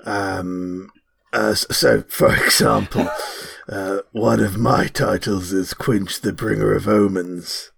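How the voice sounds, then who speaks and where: A man's voice: on the low side, fairly even intonation, slow pace, creaky, a bit bright, breathy edge. A man playing a tabletop role-playing game, talking in a rambling, hesitant way. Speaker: player. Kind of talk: in-character tabletop role-play.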